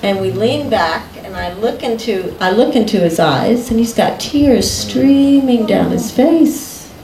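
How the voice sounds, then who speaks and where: A woman recounts a personal story at a slow, easy pace, taking her time between phrases. She laughs easily as she talks. The room around her is echoey, with a faint hiss behind. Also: mid-range voice, lively intonation, dark tone. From United States. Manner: unhurried, often breaking into laughter. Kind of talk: storytelling in conversation.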